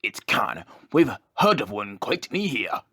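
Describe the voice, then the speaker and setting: A man voicing a calm, knowing old male engine who teases the others in a measured, chuckling way. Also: mid-range voice, husky, heavily acted.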